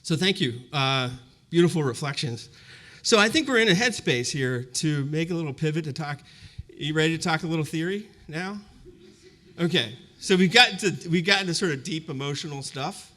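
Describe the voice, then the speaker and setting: This fifties-aged university presenter tells a personal anecdote to a live crowd, reflective and chatty, peppering it with "you know" and similar fillers. His voice is slightly high and pushed, bright, with lively intonation at a moderate pace.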